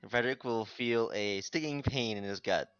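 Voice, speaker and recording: A man playing a tabletop game, speaking haltingly with many restarts. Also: mid-range voice, a bit bright, clear, resonant tone, no room sound, muffled recording. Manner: hesitant, halting. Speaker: player. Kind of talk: casual tabletop play.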